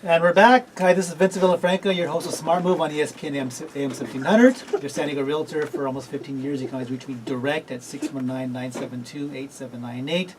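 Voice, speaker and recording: A man's voice: a little high, fairly even intonation, fast talker, few pauses. A man hosting a talk radio show, rambling and correcting himself as he goes. He laughs easily and keeps the talk loose. He sounds a bit distant, with a faint hiss behind him. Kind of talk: casual radio talk interview.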